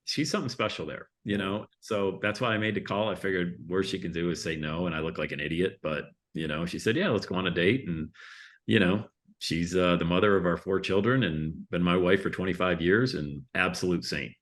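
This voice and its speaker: A man's voice: deep voice, fairly quick, fairly bright tone. A man in his fifties from the Buffalo area, a guest telling his life story in a casual interview and acting out the voices of people he quotes. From Buffalo, New York area.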